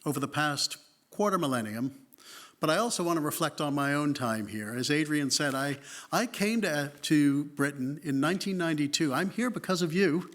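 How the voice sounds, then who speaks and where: A man's voice: on the high side, fairly bright tone. A man in his fifties from Boston with a Boston accent, giving a wry, self-deprecating public history lecture with conversational restarts. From Boston, United States. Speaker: guest lecturer, history professor.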